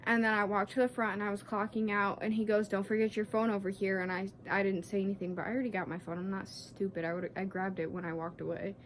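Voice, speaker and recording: A woman's voice: mid-range voice, flat delivery, fast talker, hardly any pauses, slight background noise. A sixteen-year-old girl telling a story in a chatty, casual vlog, fired up and swearing freely. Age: teens. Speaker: vlogger.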